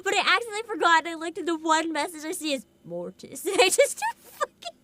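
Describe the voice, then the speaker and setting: Excitable, giggly woman streamer, very high, lively pitch swings. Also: fast, heavy background noise. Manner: excitable, giggly, swears freely. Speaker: VTuber game streamer. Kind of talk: casual live-stream commentary. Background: game music.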